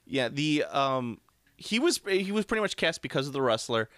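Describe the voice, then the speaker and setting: Bright-voiced chatty man, dry close mic. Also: mid-range voice, big pitch swings, no room sound. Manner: chatty, quick asides and laughs. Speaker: podcast co-host. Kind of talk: casual movie podcast chat.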